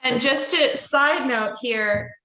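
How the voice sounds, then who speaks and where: A woman's voice: high-pitched, slow, pushed and bright. A woman hosting a podcast interview, talking in a blunt, emphatic way and swearing casually. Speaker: podcast host. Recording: echoey room with faint noise.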